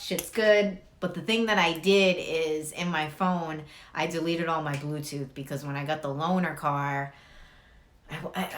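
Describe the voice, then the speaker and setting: A woman's voice: on the low side, sharp tone. A woman giving a casual tarot reading who rambles, swears freely and laughs through her stories. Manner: rambling, profane, laughing storyteller. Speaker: tarot reader.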